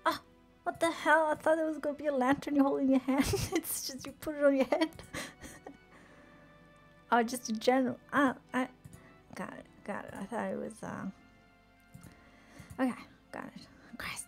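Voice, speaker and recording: Woman gamer, somewhat high voice, casual stream chatter, quick to curse, faint game music behind. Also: steady tone. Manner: swears often, exclaims in frustration; chatty, reads chat aloud and answers it. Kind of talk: casual gameplay commentary.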